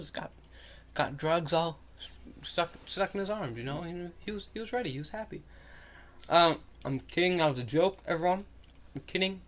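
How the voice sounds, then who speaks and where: A young man with a high-ish, slightly bright voice tells a story in casual chat. He rambles with lots of "like" and "um" and acts out what people said.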